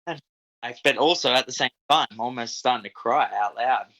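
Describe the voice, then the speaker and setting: A man's voice: mid-range voice, normal speed, pushed and bright, muffled recording. A young Australian man telling stories as a podcast guest, laid-back and swearing freely, often saying "dude" and "man". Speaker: podcast guest, equipment operator. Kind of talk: casual storytelling.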